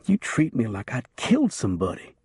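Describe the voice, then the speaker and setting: A man voicing a frightened male outlaw prisoner who whines and begs, his voice breaking high. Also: huge pitch swings, brisk, a little mellow, a little hiss or hum. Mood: whining. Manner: whiny, pleading, voice cracking high.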